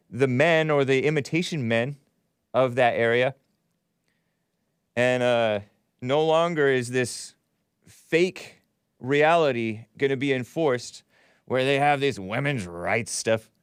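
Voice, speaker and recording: A man's voice: mid-range voice, smooth, dry recording, studio quality. A man hosting a talk show, delivering a casual monologue in a sardonic, mocking tone and laughing at his own remarks.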